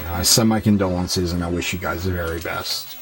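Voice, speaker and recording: A man's voice: low-pitched, steady tone, a little fast, music in the background, low-quality recording. A man streaming games, chatting casually with viewers and rambling loosely as he reads their comments aloud. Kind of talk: casual chat with stream viewers while gaming.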